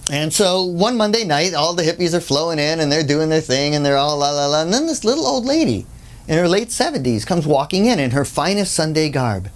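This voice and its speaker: Brisk and mid-range, this workshop speaker tells an anecdote in a conversational lecture packed with asides and acted-out voices. They're an animated storyteller who plays the people in the story, giving a storytelling lecture.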